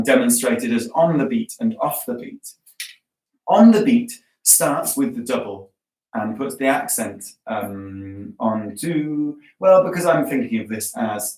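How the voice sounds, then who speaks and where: A drum teacher in a home practice room, counting out stickings and drum syllables in an easygoing, encouraging way. His voice sits at an ordinary middle pitch and sounds set back from the mic, in a reverberant room with music and drumming under him. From England. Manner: chanting drum patterns and stickings aloud; relaxed, encouraging, chatty. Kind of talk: guided practice lesson. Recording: roomy, distant sound with music behind. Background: metronome and drumming.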